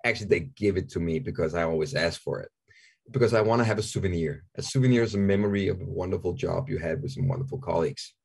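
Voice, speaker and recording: A low-pitched, quick-paced voice with creakiness, a darkish tone, and a breathy edge belongs to a Danish man in his forties. With his Danish accent, he's a candid interview guest in casual chat who jokes around and tends to repeat himself.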